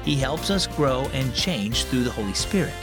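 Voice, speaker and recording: A man's voice: medium pitch, lively intonation, normal speed, over music. A man hosting a children's devotional, reading a story and answering a child's question in an earnest, friendly way. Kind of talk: scripted narration.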